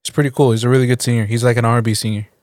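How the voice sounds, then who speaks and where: A man's voice: medium pitch, flat delivery, very fast, darkish tone, no echo. A man co-hosting a podcast, chatting in a laid-back way and cutting in with jokes. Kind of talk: casual podcast chat.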